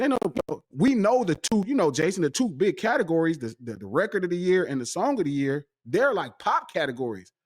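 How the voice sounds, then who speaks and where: A man tells a story in casual chat. His voice sits somewhat high and jumps around with lively pitch. He acts out the quoted dialogue as he goes. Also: brisk, hardly any pauses, slightly rough. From West Coast US. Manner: animated, excitable storytelling, acting out quoted dialogue. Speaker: podcast guest.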